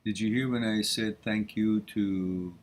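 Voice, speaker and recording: Speaking a little slowly in a lowish voice with fairly even intonation, a man fields viewer questions on a live stream. He's frank and blunt, swears in a casual way, and laughs frequently between answers.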